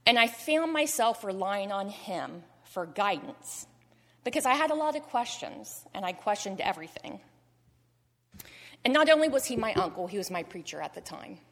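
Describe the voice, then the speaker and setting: A middle-aged woman, a cancer survivor, gives a personal testimony to a church congregation in a mid-range voice with big pitch swings at normal speed. She is earnest and heartfelt, at times choking up near tears, and a long reverb from the sanctuary trails her words.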